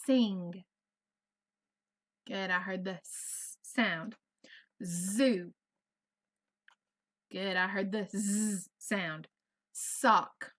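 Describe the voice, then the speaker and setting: Slow, patient woman teaching phonics. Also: medium pitch, steady tone, fairly bright tone. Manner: patient, encouraging, over-enunciates sounds. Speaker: first grade teacher. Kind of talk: slow, clear online phonics lesson. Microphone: computer mic on a video lesson.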